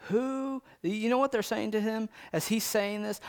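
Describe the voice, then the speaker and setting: Animated preacher man with a fairly high voice. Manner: animated, dramatizes scripture quotes with big swings in pitch and loudness; reads King James verses in a low, slow voice. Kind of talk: sermon.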